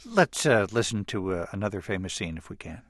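A man's voice: sits low, sing-song, a bit bright, dry recording. Wry male radio host, dry studio sound. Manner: measured, wry interviewer. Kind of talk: radio interview. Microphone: studio microphone.

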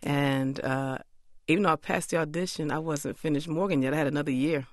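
Animated woman singer telling stories. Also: sits low, brisk, no echo, studio quality. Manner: animated storyteller who acts out quoted voices. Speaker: singer, interview guest. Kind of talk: radio interview chat.

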